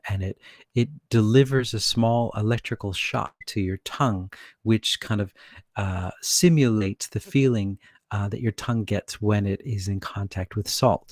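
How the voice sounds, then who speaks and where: A man's voice: lowish voice, darkish tone, no echo, studio quality. A man who works as a channeler chats casually on his vlog, rambling, chuckling and breaking off his own sentences. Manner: rambling, chuckling, self-interrupting.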